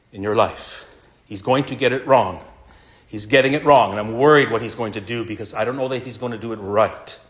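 A man preaching a sermon earnestly, slowing down and repeating key lines for emphasis. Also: medium pitch, fairly bright tone. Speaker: pastor.

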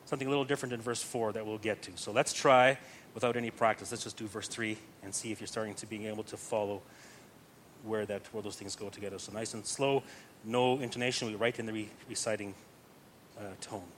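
A man's voice: on the low side, steady tone, brisk, a bit bright, a little hiss or hum. A man teaching psalm chanting step by step, patient and explanatory, often checking that listeners follow.

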